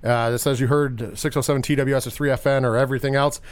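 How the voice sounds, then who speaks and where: A man hosting a podcast in casual chat, animated and profane, rambling with restarts. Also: mid-range voice, fast talker, smooth. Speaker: podcast host.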